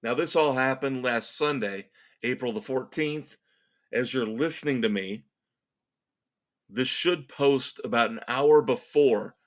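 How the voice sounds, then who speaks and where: A man hosts a solo rock podcast and rants about the networks. He speaks slowly and lets the words drag. His tone is sarcastic and exasperated, and he leans hard on every point. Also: medium pitch. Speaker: podcast host. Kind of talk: opinionated solo rant.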